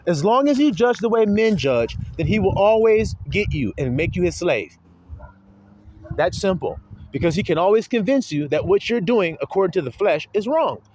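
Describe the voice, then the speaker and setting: A man's voice: high-pitched, very animated, moderate pace, a little mellow, slight background noise, rough recording. A man preaching a sermon, pressing his listeners with rhetorical questions and calling them his little flock.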